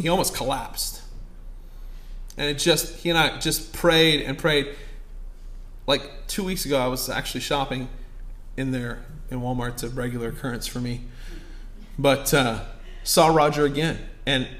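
A man preaching a sermon at a conference, telling stories in a conversational tone and building to loud, urgent exhortation. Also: on the high side. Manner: conversational, swings from quiet storytelling to loud exhortation.

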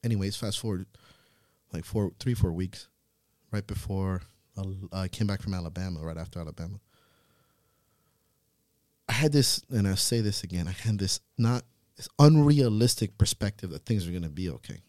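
Thirties male podcast host, earnest storyteller, low register, dry close mic. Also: a little mellow, no room sound. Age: 30s. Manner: earnest, swears freely, halting restarts. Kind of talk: emotional personal storytelling. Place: podcast studio.

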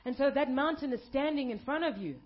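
A woman pastor delivering an emphatic sermon, building up to shouted peaks. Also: high voice, lively intonation, quick pace, lo-fi sound.

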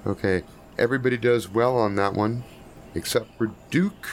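A man's voice: mid-range voice, moderate pace, very noisy. A man narrating as game master in a tabletop game, in a loose, profane, chuckling way.

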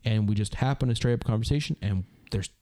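A man's voice: on the low side, fast talker, dark tone, no echo. A Canadian man in his thirties hosting a podcast, telling a rambling story with lots of fillers in a casual chat. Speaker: podcast host.

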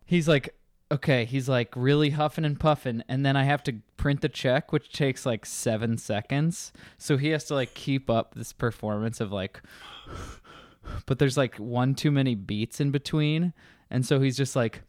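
A man casually telling a bar story, swearing and acting out angry customers in loud voices. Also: mid-range voice, moderate pace, no room sound, studio quality.

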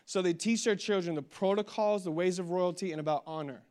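Young guy pastor preaching, kinda high voice, gets fired up and loud. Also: brisk. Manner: energetic preaching that builds to loud declarations, with humorous storytelling. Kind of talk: sermon.

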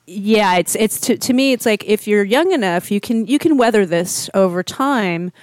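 A woman's voice: mid-range voice, expressive, moderate pace, darkish tone, dry recording. A woman appearing as a guest commentator on a casual political talk show, making dry, wry remarks.

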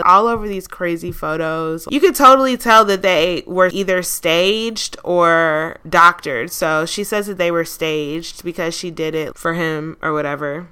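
A woman's voice: lowish voice, a little slow, few pauses, sharp tone, smooth. A woman hosting a casual gossip podcast, chatty and slangy, laughing often and swearing casually. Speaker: podcast host. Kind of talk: casual celebrity gossip chat.

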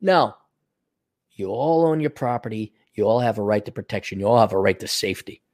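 A man's voice: expressive, fairly quick, a little mellow. Guy ranting on his podcast, swears a lot, voice jumps all over the place, sarcastic. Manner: profane, sarcastic, mocks others in high mimicking voices. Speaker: podcast host. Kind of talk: ranting solo monologue.

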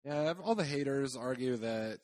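A man's voice: medium pitch, moderate pace. A man co-hosting a casual soccer podcast, joking, laughing and swearing as he talks. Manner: lively, laughing, swearing banter. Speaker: podcast co-host.

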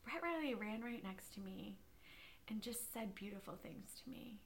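A woman interview guest talking about running, telling stories in an animated way and often laughing. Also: mid-range voice, moderate pace, a little hiss or hum. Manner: animated storyteller, laughs often, many restarts. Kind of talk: casual interview conversation.

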